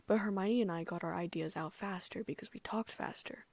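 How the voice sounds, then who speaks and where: A woman reading a first-person fan fiction audiobook in a soft, often near-whispered voice. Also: fairly low pitch, fairly quick, dry recording. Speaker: audiobook narrator.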